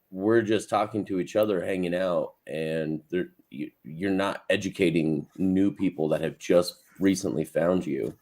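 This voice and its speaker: A man's voice: low voice, darkish tone. A man hosting a crypto live stream, chatting upbeat and speaking straight to viewers. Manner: upbeat, addresses viewers as guys. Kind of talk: casual chat.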